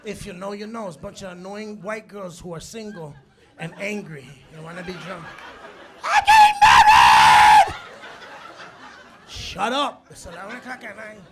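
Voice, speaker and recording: A man doing a live stand-up set, telling stories with animated bursts of shouting and Spanish phrases mixed in. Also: high voice, fairly quick. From Latino background. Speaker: stand-up comedian. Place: comedy club stage. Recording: live club with loud crowd laughter. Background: audience laughter.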